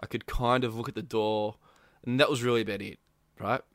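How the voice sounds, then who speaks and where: A male podcast co-host, telling an animated story in casual chat and acting out quotes. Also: on the low side, a little fast, no echo, clean studio sound. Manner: animated storytelling, acts out quotes, laughs often.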